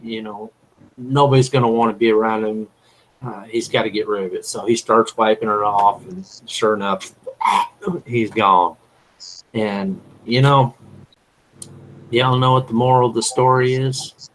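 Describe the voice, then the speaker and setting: A man's voice: on the low side, steady tone, unhurried, long pauses, slight background noise, poor audio. A man on a panel telling a long story in a loose, rambling way, filling his talk with "you know". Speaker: panel guest. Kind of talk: casual storytelling.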